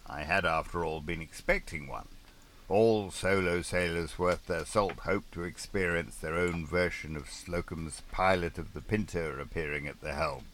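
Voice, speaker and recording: Deep, wry male audiobook narrator. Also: fairly bright tone. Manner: dry, wry understatement.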